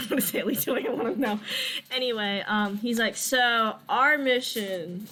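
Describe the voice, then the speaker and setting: A woman's voice: a little high, fairly even intonation, moderate pace, fairly bright tone. A woman, running a tabletop game as game master in a casual, filler-heavy way.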